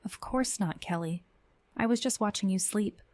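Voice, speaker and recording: A woman's voice: medium pitch, moderate pace, darkish tone, no echo, pitched above the performer's own voice, lightly acted. A woman reading a horror story voices a stammering young man, apologetic and defensive. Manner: stammering, shifting from apologetic to defiant. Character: remorseful yet unsettling young man, creepy roommate.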